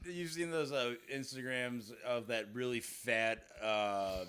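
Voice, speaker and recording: A young man co-hosting a podcast, telling crude, excitable stories in casual chat and laughing through the punchlines. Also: medium pitch, slow, slight background noise. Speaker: podcast co-host.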